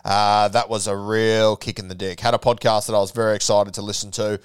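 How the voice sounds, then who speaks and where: Chatty Australian man with a smooth voice. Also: fairly low pitch, little pitch movement, fairly quick, dry recording, clean studio sound. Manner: chatty storytelling, swears casually. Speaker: podcast host. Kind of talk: casual audio diary.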